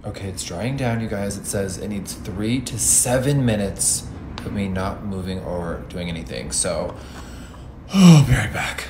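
Sassy, campy man with a lively voice. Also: lowish voice, measured pace, background noise. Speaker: makeup reviewer. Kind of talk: casual makeup review vlog.

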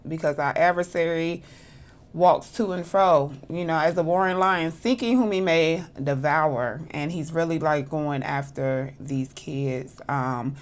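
A woman's voice: low voice, a little slow. Preachy woman quoting scripture. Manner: preachy, adds "okay?" and quotes scripture, builds up emphatically. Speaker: co-host. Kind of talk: sermon-like talk.

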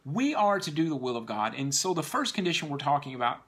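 A man's voice: on the high side, sing-song, fast, fairly bright tone, slightly rough. A man preaching a sermon to a congregation, earnestly exhorting the listeners.

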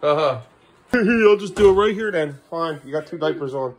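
A man's voice: fairly high pitch, lively intonation, moderate pace. A man filming his kids at home in a casual vlog, exasperated and half-laughing as he talks to them. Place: family home.

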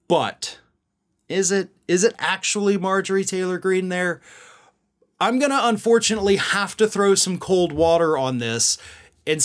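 A man's voice: fairly high pitch, fairly bright tone. A man hosting a political commentary show, talking casually to viewers with musing asides.

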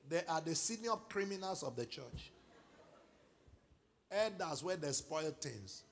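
A middle-aged Nigerian man preaching a sermon as pastor, moving from quiet asides to loud exhortation and calling for responses. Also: fairly high pitch, lively intonation, measured pace, creaky, a little hiss or hum. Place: large church hall.

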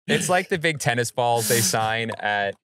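A man's voice: medium pitch, animated, a little slow, a bit bright, slight background noise. An easygoing, chatty man on a podcast. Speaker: podcast co-host. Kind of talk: casual podcast chat.

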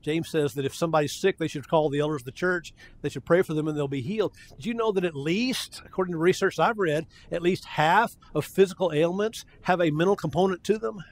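A man's voice: on the high side, fairly quick, few pauses. An older man preaching a sermon in a folksy, conversational way, often restarting his sentences.

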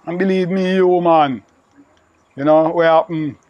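An older man from Jamaica recounts the old days in broad patois, his voice pitched somewhat high. The sound is dry and close, with no room around it. He rambles and repeats himself, with "you know" in nearly every line. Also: fairly even intonation, unhurried, no room sound, muffled recording. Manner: repetitive, peppered with "you know". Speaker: interviewee recalling old friend. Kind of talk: rambling oral storytelling.

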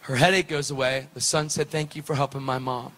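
A man preaching, telling a story with lively, preacherly delivery and acted-out dialogue. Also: mid-range voice, a little fast. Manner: animated, preacherly, acts out dialogue. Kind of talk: sermon storytelling.

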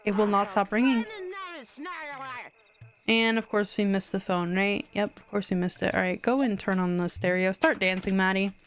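A young woman with a mid-range voice and clean tone talks at a moderate pace during a game live-stream. She chats and giggles in response to what unfolds on screen. Winning makes her squeal with excitement.

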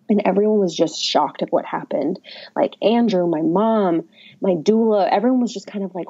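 Gravelly, low-pitched woman telling her story. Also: fairly quick, mellow. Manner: candid, chatty, wry and self-mocking. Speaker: podcast guest. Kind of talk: casual birth story telling. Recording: dull lo-fi audio.

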